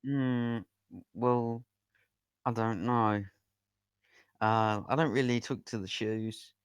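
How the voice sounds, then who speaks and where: A man's voice: medium pitch, steady tone, slow pace, clear, resonant tone, no room sound, studio quality, pitched above the performer's own voice, natural voice. A man voicing a small, twitchy, nervous male goblin who talks hesitantly. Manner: hesitant, mumbling.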